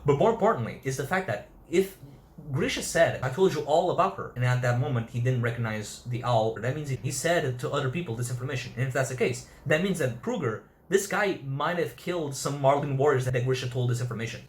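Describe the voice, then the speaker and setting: Swearing freely and acting out characters' lines, a man delivers a chatty, casual review of an anime episode. His mid-range voice is animated and brisk, and the room sounds echoey.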